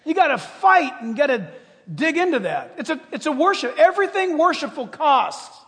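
A man preaching a sermon as a pastor, animated and conversational, acting out quoted prayers and joking with the congregation. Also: very high voice, normal speed, in a large hall.

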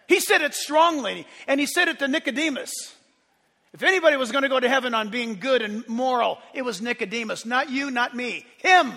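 High, bright-voiced impassioned preacher man. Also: lively intonation, a little fast, long reverb tail. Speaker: pastor. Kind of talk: sermon. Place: church sanctuary.

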